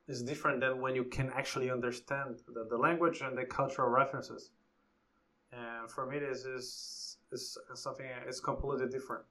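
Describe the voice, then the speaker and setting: A man's voice: medium pitch, sharp tone. A man co-hosting a podcast in a casual chat, thoughtful and often restarting his sentences. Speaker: podcast co-host.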